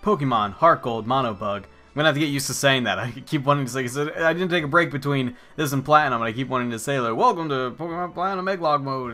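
A man's voice: medium pitch, pushed and bright. A man hosting a casual let's play, joking around, rambling and swearing freely over the game. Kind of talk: casual gameplay commentary.

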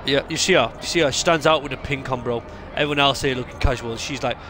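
Excitable man streaming a game. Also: mid-range voice, quick pace, slight background noise. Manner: excitable, joking, swears a lot. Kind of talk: live gameplay commentary.

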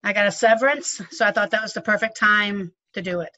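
A woman's voice: medium pitch, fairly quick, pushed and bright. A middle-aged woman real estate agent answers interview questions frankly and matter-of-factly. Her voice comes through a dull, muffled lo-fi recording. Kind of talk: testimonial interview.

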